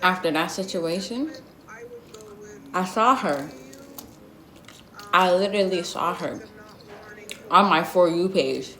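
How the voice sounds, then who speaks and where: A woman's voice: lowish voice, takes it slowly, pauses often, bright, forceful tone. A young woman telling a storytime vlog in a blunt, sassy, slangy way, full of asides. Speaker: vlogger. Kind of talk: storytime vlog, casual gossip. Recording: roomy echo.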